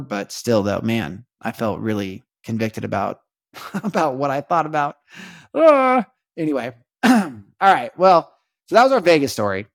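A man hosting a podcast, talking in a rambling, halting way with many restarts and earnest, faith-minded reflection. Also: on the low side, creaky, no room sound, clean studio sound. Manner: rambling, halting, repeats words, keeps asking "you know what I mean". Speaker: podcast host. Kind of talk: casual confessional monologue.

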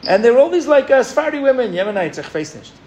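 A man from New York gives a storytelling sermon in a fairly high voice, keeping his audience with him through frequent questions. A faint noise sits under his voice, with some clicks. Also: fast, muffled recording. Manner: storytelling, animated, engages the audience with "right?". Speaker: rabbi. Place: rooftop gathering.

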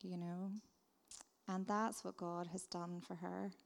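Woman, missionary testimony, earnest storytelling, gravelly fry, long hall reverb. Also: on the low side, little pitch movement, slow. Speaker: missionary speaker. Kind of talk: testimony talk.

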